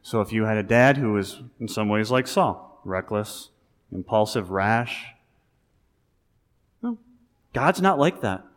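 A male pastor giving a sermon, talking in a conversational, animated way that rises into emphasis. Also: on the low side, slow, long pauses. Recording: long reverb of a large hall.

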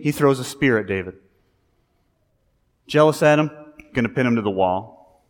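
Male pastor, mid-pitched voice, casual animated sermon, long hall reverb. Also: normal speed, long pauses. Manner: conversational, animated preaching with rising emphasis.

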